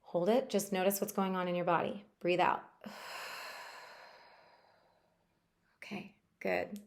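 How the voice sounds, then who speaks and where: A woman guiding a tapping session for stress relief, talking in a gentle, chatty coaching way with a few fillers. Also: lowish voice, level tone, moderate pace, creaky. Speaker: tapping practitioner.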